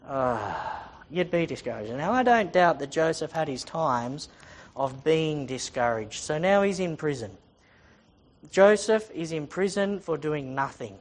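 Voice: medium pitch, animated, a little slow. Preacher giving a sermon, reads the old scripture aloud, then retells it in plain chatty words and hammers points home by saying them again. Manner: emphatic, repeating phrases for stress.

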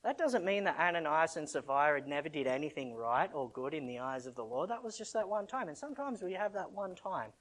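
A man preaching a conversational sermon as a missionary, asking the congregation rhetorical questions and swinging between loud and soft. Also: on the high side, brisk, few pauses.

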